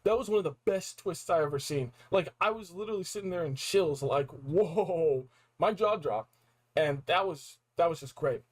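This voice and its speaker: Excited young man recapping a game. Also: fairly high pitch, normal speed, poor audio. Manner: animated, slangy, acts out reactions. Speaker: game reviewer.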